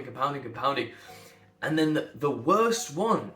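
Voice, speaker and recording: Man from England, speech coach, blunt and emphatic, mid-pitched voice, echoey room. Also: normal speed, faint music behind. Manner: blunt and emphatic, builds to animated outbursts. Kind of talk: direct-to-camera speech coaching talk.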